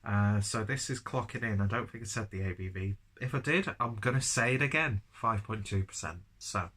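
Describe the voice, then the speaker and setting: A man's voice: fairly low pitch, moderate pace, fairly bright tone. A man with a cold and a stuffy nose, reviewing a beer in a rambling, chatty, self-deprecating way. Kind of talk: casual review vlog.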